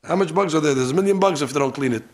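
A man teaching a hands-on religious lesson, animated and joking, dropping Hebrew terms as he demonstrates. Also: a little high, racing. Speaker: rabbi teaching. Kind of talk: demonstration lesson on ritual practice. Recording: archival lesson recording.

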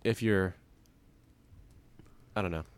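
A young man with a low-pitched voice chats loosely on a podcast, trailing off and restarting as he jokes. He is heard close and dry on his mic, with no room around him. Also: slow pace, smooth, no echo. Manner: rambling, self-interrupting, jokey. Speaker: podcast co-host. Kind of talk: casual chat.

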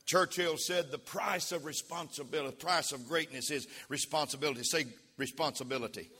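A man preaching a sermon as pastor, leading the congregation in call-and-response and rising to shouts. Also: fairly high pitch, a little fast, breathy edge. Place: church sanctuary. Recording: long reverb of a church hall.

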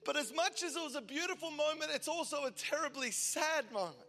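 Man, 40s, passionate preacher, high bright tone, hushed to loud, big church hall reverb. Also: lively intonation, a little fast, slight background noise. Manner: impassioned, swinging from loud declaration to hushed intimacy. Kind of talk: sermon. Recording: large hall reverb with soft music behind.

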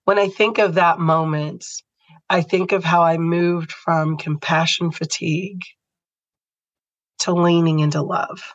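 A woman's voice: lowish voice, steady tone, measured pace, dry recording, dull audio. A woman podcast host telling a personal story in an earnest, heartfelt way.

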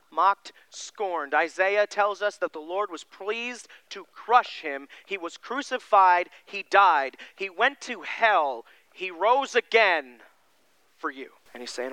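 A male pastor delivering a sermon in a folksy, emphatic way, swinging between loud stressed lines and quiet, low passages. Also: lively intonation, unhurried, clean tone, no echo.

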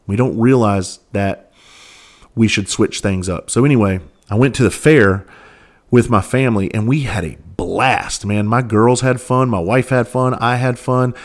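A man's voice: fairly low pitch, darkish tone. A man hosting a podcast, telling stories in a candid, earnest way and swearing freely. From Southern United States. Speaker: podcast host. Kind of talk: casual storytelling monologue.

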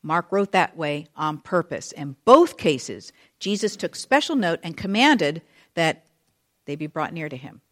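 Animated woman teaching a Bible study. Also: low voice, a little slow. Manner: chatty, conversational asides; expressive, animated retelling.

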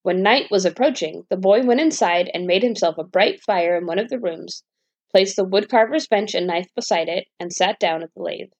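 A woman's voice: medium pitch, normal speed, no echo. Woman reading a bedtime story. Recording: dull dry lo-fi recording.

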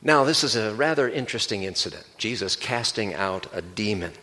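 A male pastor giving a sermon, explaining a Bible passage in a measured, teaching manner. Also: on the low side, animated, sharp tone.

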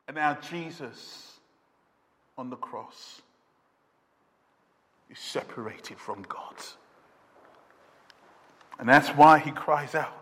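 A man's voice: fairly high pitch, a little slow, long pauses, a bit bright, big-room sound. A man preaching a sermon, quoting scripture dramatically with rising intensity. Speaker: pastor.

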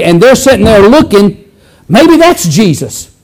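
A male preacher giving a conversational sermon, animated and acting out scenes, with frequent restarts. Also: very high voice, moderate pace, low-quality recording.

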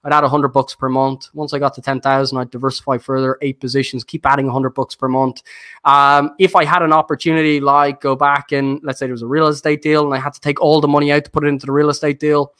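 A man's voice: mid-range voice, quick pace. Rambling man with a noticeable accent. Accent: non-standard accent, noticed by viewers. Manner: relaxed, rambling, many fillers and restarts. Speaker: guest investor and YouTuber. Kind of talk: casual podcast conversation.

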